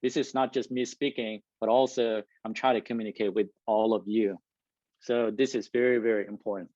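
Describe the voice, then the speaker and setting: A man who speaks English as a second language, giving a lively, loud talk to a live and online audience, laughing often and asking the room "right?". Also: fairly low pitch, brisk, dry recording. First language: not English. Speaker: guest speaker. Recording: dull lo-fi recording.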